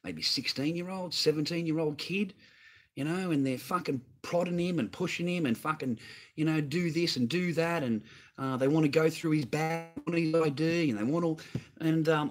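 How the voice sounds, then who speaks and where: A man's voice: fairly high pitch, normal speed. An Australian man on a livestream, ranting heatedly and swearing constantly, repeating himself as he answers a viewer. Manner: profane, heated, repetitive. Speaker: livestream host.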